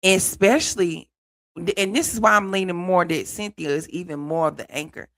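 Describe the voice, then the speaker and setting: A man hosting a live stream, talking to viewers in a casual, animated way about reality TV clips. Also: sits high, moderate pace. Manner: animated, laughing, talks to viewers as "y'all". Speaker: host reacting to reality TV clips.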